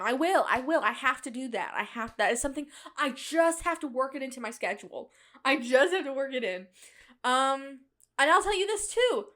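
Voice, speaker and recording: A woman's voice: high voice, a bit bright. A young woman hosting her own show, telling a rambling comic story in a bubbly, self-mocking way with frequent laughs. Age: young adult. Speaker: podcast host. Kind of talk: casual comedic monologue.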